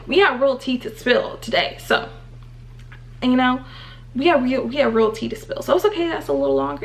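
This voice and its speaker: A woman's voice: sits high, moderate pace, creaky, a bit bright, a little hiss or hum. A young woman in her twenties, a nurse vlogger chatting casually to her viewers in a bubbly, encouraging way. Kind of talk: casual chat to camera.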